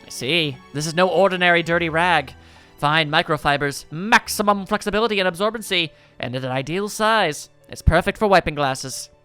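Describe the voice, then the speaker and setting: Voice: mid-range voice, moderate pace, bright, forceful tone, clean tone, soft background music, lightly acted. A man doing a prim formal attendant lady. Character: prim formal female velvet room attendant.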